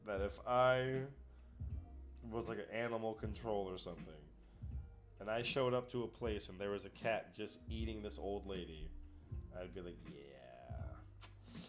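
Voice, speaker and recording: A man's voice: on the low side, moderate pace, faint music behind. A man chatting casually as a streamer, rambling and emotional, swearing a lot, close to tears. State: tearful. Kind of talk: casual chat.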